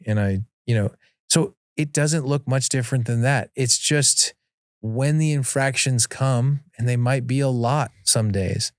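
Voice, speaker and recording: A father of four, appearing as a guest on a podcast, gives sincere, relaxed advice and acts out the lines he uses at home. His voice is medium in pitch and a touch slow, recorded in studio quality with no echo.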